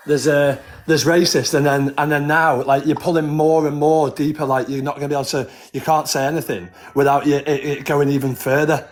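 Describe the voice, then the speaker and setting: A man calling into a live stream, defending himself in a rambling way with many restarts. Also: medium pitch. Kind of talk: defensive argument.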